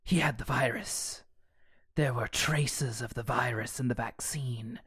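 A woman voicing a seductive, eerie male coronavirus in a slow, hushed whisper, as a whispered role-play reading. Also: a bass voice, husky, no echo, studio quality, voice pushed down, full character voice.

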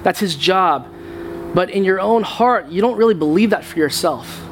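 A man's voice: high-pitched, fairly quick, slight background noise. A man preaching a sermon to his church in a conversational way, often repeating words as he goes. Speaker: pastor. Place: church sanctuary.

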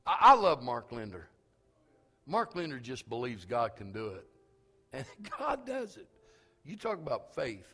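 A pastor preaching a sermon, telling a story that swells into shouted calls to the congregation. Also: male voice, medium pitch, wildly swooping pitch, a little slow, pauses often, breathy edge, in a large hall. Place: church sanctuary.

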